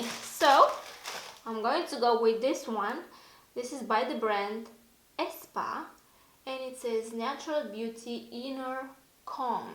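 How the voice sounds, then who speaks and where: A woman beauty vlogger chatting casually through an unboxing, easily excited, her voice a little hoarse. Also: on the high side, roomy sound, slight background noise, rough recording. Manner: chatty, easily excited, gasps and laughs often. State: slightly hoarse.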